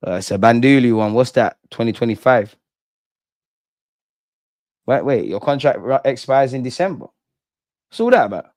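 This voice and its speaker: A man hosting a casual live-stream reaction, animated and slangy as he answers his viewers' chat. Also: mid-range voice, normal speed, pauses often, no room sound, clean studio sound. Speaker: football channel host.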